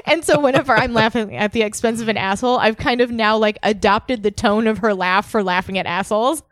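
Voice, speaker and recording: A woman's voice: on the high side, brisk, no echo, studio quality. A woman co-hosting a podcast in casual chat, telling stories with lots of laughter and casual swearing. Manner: animated storytelling, laughs often, swears casually. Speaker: podcast co-host.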